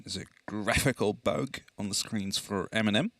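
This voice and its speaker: A young man casting an esports match, chatty and energetic, laughing easily. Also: lowish voice, moderate pace, no room sound. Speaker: esports caster. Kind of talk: esports commentary.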